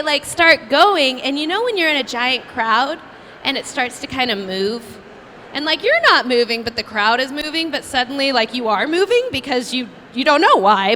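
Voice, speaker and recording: A young actress answers fans at a convention panel in a high, bright voice. She rattles through stories with a bubbly, self-mocking ease, full of "like" and quick asides. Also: big-room sound, slight background noise. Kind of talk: animated storytelling at a fan Q&A.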